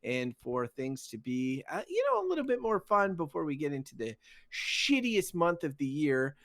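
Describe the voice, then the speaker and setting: A man's voice: on the high side, very animated, normal speed, fairly bright tone. A man co-hosting a podcast in casual chat, with a folksy, joking delivery. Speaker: podcast co-host.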